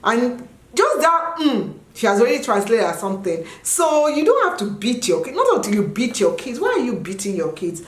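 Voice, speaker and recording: A woman from Nigeria, around her thirties, chatting casually as she answers viewer questions and jumping into high sung and yelled bits. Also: sing-song, a little fast, few pauses, echoey room. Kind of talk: casual chat.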